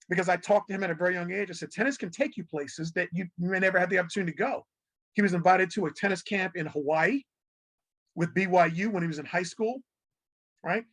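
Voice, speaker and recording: Husky-voiced man telling lively stories. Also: high voice. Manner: animated storyteller who acts out quotes, laughs often. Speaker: guest, television executive. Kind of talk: casual interview storytelling.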